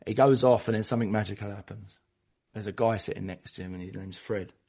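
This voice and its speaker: A man's voice: lowish voice, steady tone, quick pace, mellow, husky. A man giving a passionate, storytelling share at a recovery meeting, sometimes acting out other people's voices. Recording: dull lo-fi recording.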